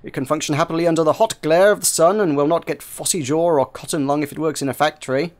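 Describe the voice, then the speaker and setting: A man's voice: a little high, fast talker, natural voice. A man voicing a patient woman guild mechanic explaining her craft, read from a game. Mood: earnest.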